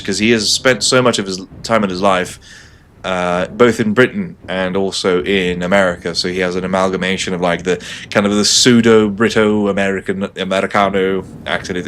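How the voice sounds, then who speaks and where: A man's voice: low-pitched, a little fast, a bit bright, slight background noise. A man streaming a game live, chatting casually with sarcastic jokes and frequent laughs. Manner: joking, laughs often, sarcastic asides.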